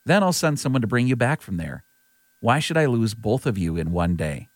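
A man's voice: medium pitch, sing-song, normal speed, no room sound, lightly acted. A man voicing a worried mother urging her son to flee, in an earnest scripture reading. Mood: urgent. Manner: earnest, lightly voiced reading.

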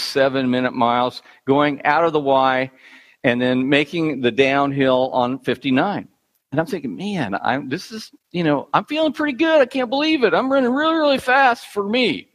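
A middle-aged man preaching a sermon as a pastor, telling a self-deprecating running story in an animated, storytelling way. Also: mid-range voice. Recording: long hall reverb.

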